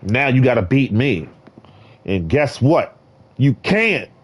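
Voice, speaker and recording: A man's voice: mid-range voice, sing-song, slow, slightly rough. A man streaming a game, talking straight to his viewers in a boastful, preachy, rambling way from a carpeted room. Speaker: gaming streamer. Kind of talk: rambling solo stream talk. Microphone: desk mic in a carpeted room.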